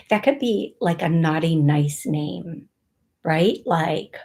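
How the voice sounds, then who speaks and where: Slow, unhurried woman host giving live psychic readings, playful and rambling, spells names aloud. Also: deep voice, vocal fry, darkish tone.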